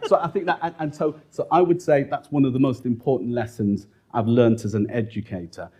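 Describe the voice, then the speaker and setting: A man lecturing and answering questions, telling lively stories, acting out quoted voices and laughing as he talks. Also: medium pitch, fairly quick, hardly any pauses. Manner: animated storytelling, acts out quotes, laughing asides.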